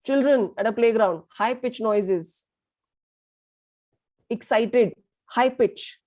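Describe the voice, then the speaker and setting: A woman's voice: fairly high pitch, slow, darkish tone. Emphatic woman teaching a workshop. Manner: emphatic, repeats words, asks the class questions; mixes in Hindi phrases. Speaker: workshop trainer. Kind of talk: interactive communication workshop.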